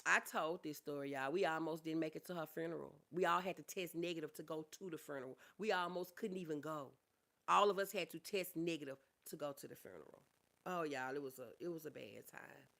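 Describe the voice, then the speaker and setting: A middle-aged woman on a casual livestream who reads viewer comments aloud, calls her viewers honey and y'all, and speaks openly and softly about grief. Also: low voice, brisk, creaky. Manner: talks openly about grief, softening and trailing off.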